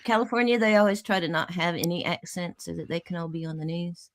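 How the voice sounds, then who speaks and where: A woman's voice: on the low side, quick pace, no echo. A woman from Texas with a Southern accent, chatting casually and telling folksy stories. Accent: Southern American. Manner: chatty storyteller, folksy phrases. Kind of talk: casual chat.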